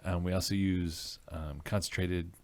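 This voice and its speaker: A man chatting casually as a guest brewer, telling relaxed stories with plenty of "um"s. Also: sits low, a little slow. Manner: relaxed storyteller, many "um"s. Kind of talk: casual chat.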